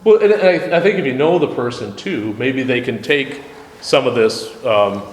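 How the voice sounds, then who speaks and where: A man's voice: medium pitch, normal speed, slight background noise. Conversational man teaching in echoey room. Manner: conversational, frequent restarts, quotes texts aloud. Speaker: deacon leading a study group. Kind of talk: casual teaching discussion. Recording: echoey room with long reverb.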